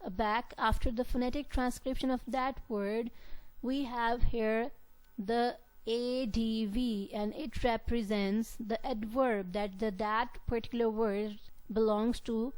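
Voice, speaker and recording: A woman lecturer giving a classroom-style lesson, speaking deliberately and repeating key words for her students. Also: on the high side, steady tone, a little mellow, smooth, dry recording, low-quality recording.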